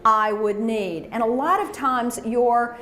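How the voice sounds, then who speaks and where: A fairly high-voiced woman leads a workshop before a live audience. She coaches with energy and gets the room to chant back. The sound is echoey, with a faint hum behind her. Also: slow pace, a bit bright. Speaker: speaker leading a workshop.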